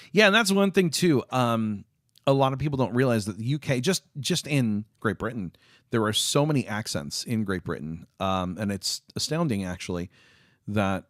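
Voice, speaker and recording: A man's voice: on the low side, no room sound, studio quality. A man chatting casually with viewers on a live stream, rambling with lots of fillers and restarts. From United States.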